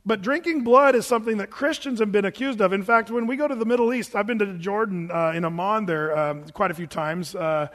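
American man, pastor, chatty sermon with asides, high voice, reverberant church. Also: a little fast, few pauses, fairly bright tone. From United States. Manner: conversational preaching with asides and restarts. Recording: long hall reverb.

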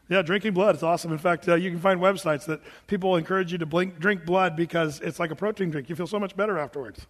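A man's voice: sits high, fairly bright tone. An American man preaching a sermon as pastor, in a conversational style full of asides and restarts. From United States. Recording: long hall reverb.

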